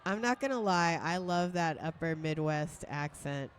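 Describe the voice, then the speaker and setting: A woman's voice: sits low, expressive, normal speed, a little hiss or hum. A woman announcing a roller derby bout live, giving play-by-play with playful, jokey banter between calls.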